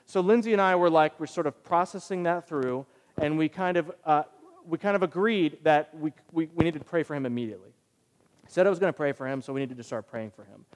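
A man preaching as pastor, his voice sitting a bit high. He recounts a story with lively, animated emphasis. The sound carries a long reverb from a large hall. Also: brisk. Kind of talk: sermon.

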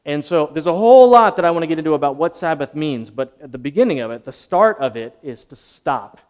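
A male pastor delivering a sermon in an earnest, conversational way that swells louder at the big moments. His voice sits a little high for a man. It rings out with a long hall reverb, as if heard in a church sanctuary. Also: animated, a little fast, smooth.

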